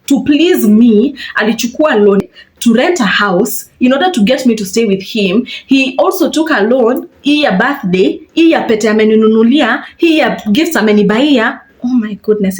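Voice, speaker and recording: A young Kenyan woman telling a casual storytime while getting ready, animated, mixing in Swahili slang and acting out quotes in a raised voice. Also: moderate pace. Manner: animated, switching between English and Swahili slang, acts out quotes in a high voice. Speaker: vlogger.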